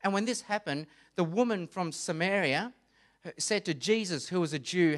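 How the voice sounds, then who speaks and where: A young man giving an evangelistic talk, telling stories and acting out voices in an animated way. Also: high-pitched, normal speed. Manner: animated storytelling with acted-out voices. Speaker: speaker.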